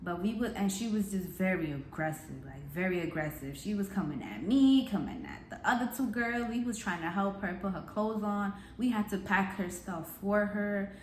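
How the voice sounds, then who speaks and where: Young female vlogger, animated storyteller with street slang, recorded in an echoey room. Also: mid-range voice, moderate pace, hardly any pauses, a little hiss or hum. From New York. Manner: animated, profane street slang, acts out shouted quotes. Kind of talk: storytime vlog.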